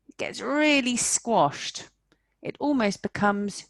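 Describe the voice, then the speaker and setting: A woman teaching English online, moving slowly through her lines with a lively, swooping pitch. Her voice sits a little low and carries some gravelly fry, and the recording is dry and close. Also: no room sound. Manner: slow, carefully enunciated teaching with exaggerated intonation.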